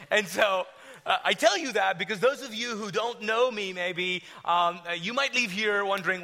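A man preaching to his church, an energetic, joking storyteller who pokes fun at himself and later leads a prayer. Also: sits high, normal speed. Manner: energetic, joking, self-deprecating; animated storytelling. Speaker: pastor. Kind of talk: sermon and prayer.

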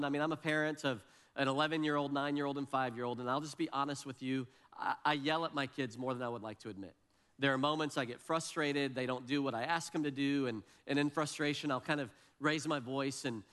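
A man's voice: mid-range voice, fairly bright tone. A man in his forties, a pastor preaching a sermon and telling a personal story with self-deprecating humor.

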